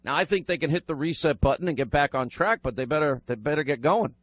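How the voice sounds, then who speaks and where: Male talk radio host, firm and fast-moving, a touch higher than most men. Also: animated, no room sound.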